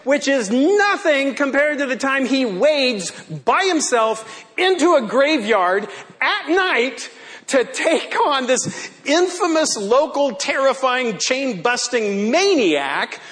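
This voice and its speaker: A man's voice: very high voice, a bit bright. A male pastor delivering a sermon in a church, playful and theatrical, often laughing.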